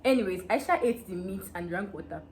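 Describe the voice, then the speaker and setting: This is a young woman with a Nigerian accent, recounting a personal story for her vlog audience. She speaks at a rapid clip in a mid-range voice, animated and excitable. A faint hum of room ambience sits under her voice. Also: mid-range voice. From Nigeria, Delta State. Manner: animated and excitable, breaks into laughter. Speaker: vlogger. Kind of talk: casual storytelling gist.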